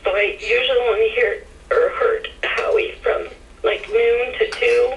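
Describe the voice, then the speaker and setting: Woman caller, 40s, choked up and gushing, gravelly voice on a dull, distant phone line. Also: a little high, fairly even intonation, unhurried. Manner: tearful, gushing, fighting back tears. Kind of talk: emotional radio call-in. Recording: muffled phone line from afar.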